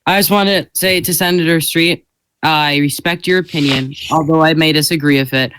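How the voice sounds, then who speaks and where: A man's voice: on the high side, steady tone, moderate pace, a bit bright, slight background noise, rough recording. A man playing a senator in a mock senate debate, argumentative, often laughing and tripping over his words. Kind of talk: role-played parliamentary debate.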